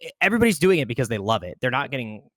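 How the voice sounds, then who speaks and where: A man's voice: mid-range voice, big pitch swings, racing, fairly bright tone, no echo. A man on a casual panel stream, arguing emphatically and running his sentences together. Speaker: guest on a community stream.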